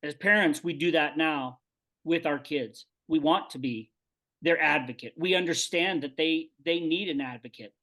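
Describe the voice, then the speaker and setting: A man's voice: a little high, moderate pace, bright, forceful tone. A middle-aged man in a casual group talk, speaking reflectively and rambling a little with restarts. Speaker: podcast co-host.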